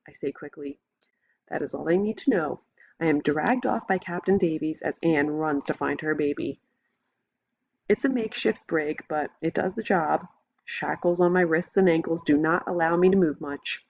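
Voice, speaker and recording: Woman reading a story aloud, lowish voice, kinda muffled lo-fi sound. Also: normal speed, creaky. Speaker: audiobook narrator. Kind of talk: first-person novel narration. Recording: dull lo-fi recording.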